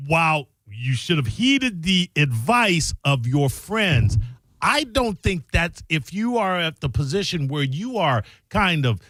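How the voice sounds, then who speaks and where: A man co-hosting a radio talk show, speaking in a halting way with restarts and mock-formal words. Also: on the high side, big pitch swings, a bit bright, no room sound. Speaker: radio co-host.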